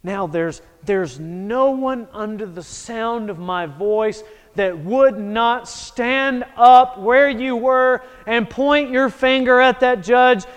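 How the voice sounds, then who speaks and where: A male preacher delivering a sermon as a dramatic story, swinging from hushed to loud. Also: very high voice, takes it slowly, clean tone. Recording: echoey hall.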